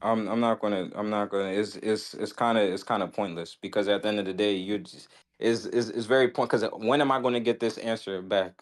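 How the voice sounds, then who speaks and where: A man in a heated debate, halting and restarting, pleading to get his questions heard. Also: on the low side, steady tone.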